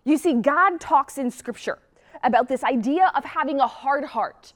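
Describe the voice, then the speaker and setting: A woman's voice: sits high, expressive, moderate pace. A woman preacher giving a sermon, earnest and reflective, often asking the listener rhetorical questions.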